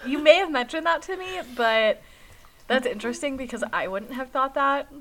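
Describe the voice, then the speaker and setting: A woman's voice: high-pitched, animated, moderate pace, fairly bright tone. A woman with a mild Midwestern American accent chatting as a podcast guest in a dry, understated way. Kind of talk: casual chat. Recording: noisy line.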